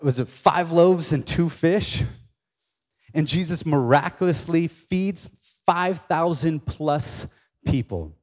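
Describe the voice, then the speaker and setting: A man's voice: mid-range voice, a little mellow. A male pastor preaching a casual storytelling sermon, joking and talking straight to the congregation in a church. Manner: conversational and joking, addressing the congregation. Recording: long reverb of a large hall.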